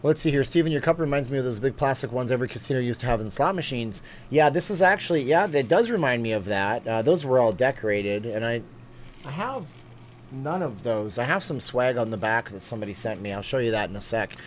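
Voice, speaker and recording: Man, rambling live-stream chat, mid pitch, faint room noise. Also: expressive. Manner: rambling, chatty, quick asides and laughs.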